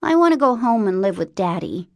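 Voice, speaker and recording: A woman's voice: medium pitch, very animated, fairly quick, vocal fry, dry recording, pitched above the performer's own voice. A woman voicing a small boy who is sleepy, sullen and close to tears, in an audiobook. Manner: sleepy, sulky child talk.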